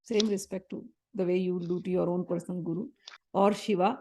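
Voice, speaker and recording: A woman, a spiritual teacher, giving a spiritual talk in an animated storytelling manner and repeating phrases for emphasis. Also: on the low side, a little fast.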